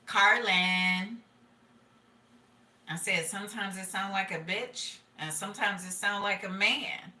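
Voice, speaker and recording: A woman reads tarot in a loose, profane, streetwise way, laughing as she goes. Her voice is bright and a little sharp. She sits slightly back from the mic in an echoey room. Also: mid-range voice, slow, recorded from a distance. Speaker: tarot reader. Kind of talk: casual channeled tarot reading.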